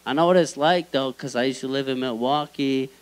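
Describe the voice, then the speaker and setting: A man's voice: mid-range voice, a little fast, clean tone, poor audio. A young man doing a stand-up comedy set in a small club, telling a story with lots of energy. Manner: animated storytelling with acted quotes.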